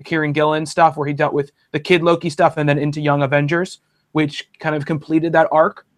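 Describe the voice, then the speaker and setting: A man with a slightly high voice hosts a relaxed comics chat. He rambles, restarting sentences and piling on fillers as he goes. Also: a little fast. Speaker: podcast host. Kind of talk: casual chat about comics.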